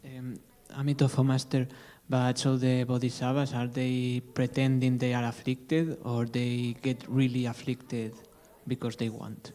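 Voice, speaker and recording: A man asking a question hesitantly and softly during a dharma talk. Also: medium pitch, completely flat delivery, unhurried, few pauses. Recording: reverberant, distant from the mic.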